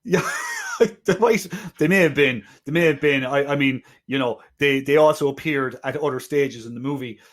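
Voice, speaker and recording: A man co-hosting a film podcast, talking casually with lots of restarts and wry asides. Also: medium pitch. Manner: halting, many restarts, wry. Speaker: podcast co-host.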